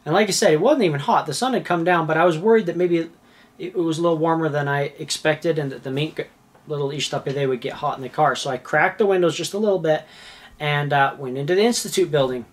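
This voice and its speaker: A man telling a personal story in a casual, animated way. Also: fairly high pitch, fast. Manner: animated, acts out quoted voices.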